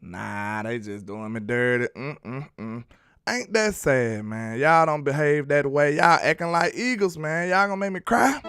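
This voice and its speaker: His fairly high, fairly bright and smooth voice moves a little slowly as he reviews football film for a live stream audience. The studio sound is clean with no room sound, and he's talkative, laughing and poking fun at the chat.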